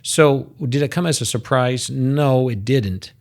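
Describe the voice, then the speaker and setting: A US man guesting on a laid-back podcast speaks a little slowly in a mid-range, slightly mellow voice. He's forceful and heavy on statistics, often restarting by repeating his opening words.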